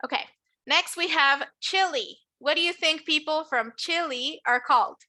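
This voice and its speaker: A woman teaching an online English class, saying words slowly for students to repeat. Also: sits high, background noise. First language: Spanish. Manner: slow, drawn-out model words for repeating.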